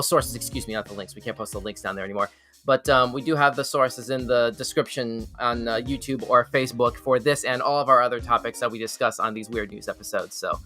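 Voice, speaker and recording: A man hosting a live weird news reaction show, excitable and laughing, with stumbling restarts. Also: medium pitch. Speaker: show host.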